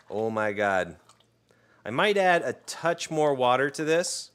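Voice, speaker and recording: A man's voice: mid-range voice, very animated, takes it slowly, fairly bright tone, smooth. A man live-streaming while he cooks, chatting casually with viewers, telling jokey stories and teasing his dog. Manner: loose, joking storyteller who talks to his dog. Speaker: cooking streamer.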